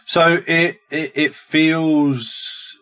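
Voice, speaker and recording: A man's voice: on the high side, steady tone, drawn-out words, fairly bright tone, smooth. A man co-hosting a podcast, sharing his reactions to music in a casual, hesitant way, with frequent restarts and filler sounds.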